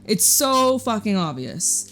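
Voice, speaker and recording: A woman's voice: mid-range voice, sing-song, slow pace, fairly bright tone, faint music behind. A young woman giving a casual tarot reading, chatty and blunt, swearing freely and laughing often. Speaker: tarot reader.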